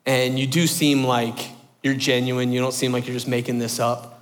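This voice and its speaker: A man quoting a stern female professor, low and firm. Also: level tone, normal speed, in a large hall, slight background noise, close to an everyday voice. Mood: stern, businesslike.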